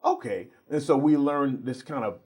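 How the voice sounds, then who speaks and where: A middle-aged man, a theater professor and guest on a talk show, telling animated stories with repeated words and frequent laughs. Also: medium pitch, brisk, slightly rough. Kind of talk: casual interview storytelling.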